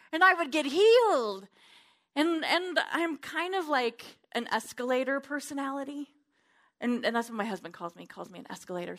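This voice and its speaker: A woman preaching a sermon in a church, fervent and emphatic, swinging between loud declarations and hushed asides. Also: sits high.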